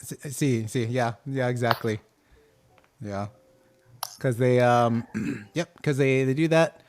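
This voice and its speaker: A man's voice: mid-range voice, steady tone, slow pace, a little mellow. A young man hosting a casual live stream, talking hesitantly with lots of ums and uhs. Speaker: livestream host. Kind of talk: casual livestream chat.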